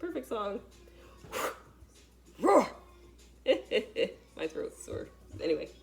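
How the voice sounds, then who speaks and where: A woman, a spiritual teacher, giving an animated spiritual talk in a casual, emphatic and dramatic way, speaking straight to her viewers. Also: mid-range voice, slow pace, vocal fry, soft background music.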